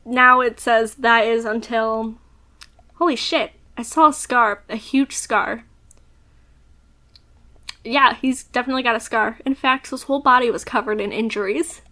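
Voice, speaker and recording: A woman's voice: a little high, bright, forceful tone. A young woman reading a visual novel aloud in the first person, chatty and reactive, breaking in with casual asides. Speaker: gamer playing a visual novel.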